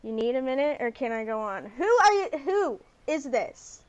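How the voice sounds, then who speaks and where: A woman's voice: high-pitched, big pitch swings, normal speed, muffled recording. A woman streaming a dating sim, chatting playfully and reading the story text aloud with a lot of giggling. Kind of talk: casual gaming commentary, reading game text aloud.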